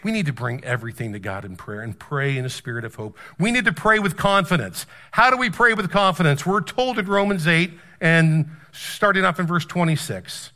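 Male pastor, fairly high and bright, animated storytelling sermon. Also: normal speed, hardly any pauses.

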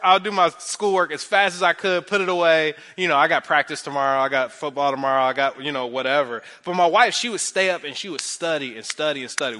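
A man in his thirties preaching a conversational sermon, animated, repeating phrases for emphasis and using many fillers. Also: fairly high pitch. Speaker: pastor.

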